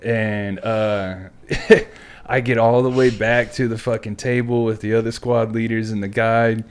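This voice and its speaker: A man's voice: fairly low pitch, little pitch movement, a little slow, clear, resonant tone. Laid-back man telling stories. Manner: laid-back, swears freely, says "man" and "dude" often. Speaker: podcast host. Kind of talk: casual storytelling chat.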